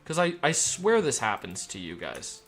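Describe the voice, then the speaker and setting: A man's voice: mid-range voice, wildly swooping pitch, moderate pace, a bit bright, soft background music. A young man streaming, chatting casually while he plays, joking and rambling as he reads chat aloud.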